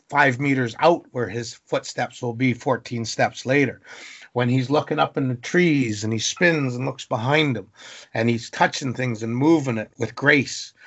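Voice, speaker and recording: A man from Canada tells wilderness stories as a podcast guest, animated and fond of long run-on lists. His mid-range voice carries a gravelly fry, and the recording is dull and lo-fi. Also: mid-range voice. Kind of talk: storytelling interview.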